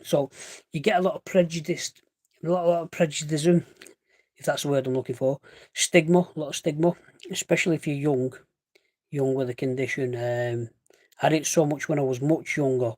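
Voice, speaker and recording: Young man, casual chatty vlogger, coughs between thoughts, bit high-pitched, dry recording. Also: normal speed, darkish tone, no echo. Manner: chatty, rambling, self-correcting, says "mate" often. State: chesty cough, wheezy. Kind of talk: casual chat.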